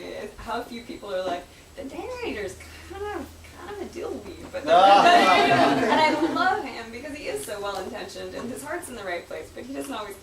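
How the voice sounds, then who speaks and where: Woman, author, casual Q&A, chatty, laughs often, echoey room, background noise. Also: mid-range voice. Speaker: author answering questions. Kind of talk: casual Q&A talk. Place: book event room. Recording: echoey room, distant mic, noisy.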